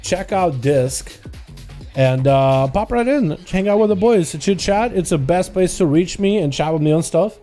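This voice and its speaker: A man's voice: high-pitched, animated, unhurried, mellow, soft background music. A young man with a slight Russian accent, a native Russian speaker, chatting casually as a gaming livestreamer. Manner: laid-back, chatty, fills with "yo", "dude" and "boys". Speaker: streamer.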